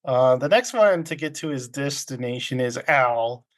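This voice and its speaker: A man's voice: mid-range voice, expressive, moderate pace. A man casually recapping an old film with friends, rambling, often laughing and acting out quotes. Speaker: podcast co-host recapping a film. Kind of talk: casual chat.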